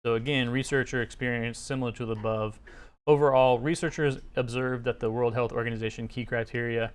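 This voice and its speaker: A man's voice: mid-range voice, steady tone, fairly quick, clean tone. A man casually reading aloud from a research paper and commenting on it with sarcastic, skeptical remarks and many fillers.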